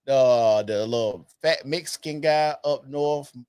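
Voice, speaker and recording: A man hosting a casual podcast, blunt and joking, throwing questions to his cohost and pitching to viewers. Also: takes it slowly, a little mellow, clear, resonant tone, no room sound, studio quality. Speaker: podcast host.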